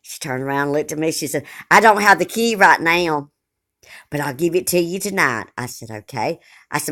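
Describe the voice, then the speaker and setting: A woman's voice: sits low, expressive, moderate pace, a bit bright. An older woman, telling a personal story in a chatty, folksy way with dramatic asides.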